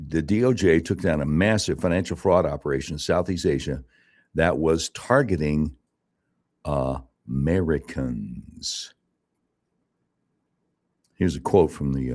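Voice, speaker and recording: A male talk radio host who reads the news aloud with sarcastic asides and then tells his own stories in an animated, emphatic way. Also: sits low. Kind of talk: casual talk radio commentary. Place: radio studio.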